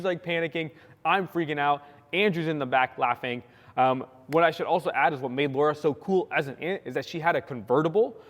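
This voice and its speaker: A young man giving a sermon, telling a personal story in a lively, animated way, acting out the quotes and saying "like" often. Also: medium pitch. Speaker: pastor. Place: church sanctuary. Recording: long hall reverb.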